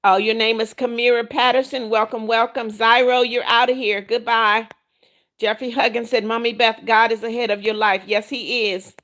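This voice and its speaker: A middle-aged woman hosting a livestream, reading viewers' comments aloud, greeting them warmly and turning firm when she lays down her rules. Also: on the high side, little pitch movement, moderate pace. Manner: warm, religious greetings to viewers. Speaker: livestream host. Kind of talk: reading out live chat comments.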